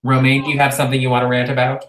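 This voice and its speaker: A man's voice: medium pitch, monotone, very fast, a bit bright. Guy cohosting a chat show, rambly w/ lots of ums, echoey room. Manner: chatty, rambling with fillers. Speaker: podcast co-host. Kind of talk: casual chat. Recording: roomy echo.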